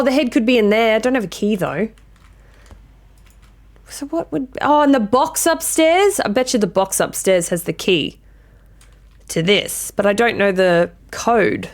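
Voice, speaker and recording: Lively, chatty woman streamer. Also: fairly high pitch. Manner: chatty, giggly, swears freely, apologetic asides to chat. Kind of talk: casual live-stream chat while gaming.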